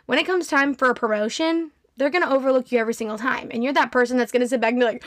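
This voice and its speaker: Brief: woman in her twenties, podcast host, emphatic pep-talk delivery, brightish voice, dead-dry booth sound. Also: sits high, dry recording. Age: 20s. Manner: earnest and emphatic, with quick rants and acted-out quotes. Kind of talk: motivational solo podcast talk.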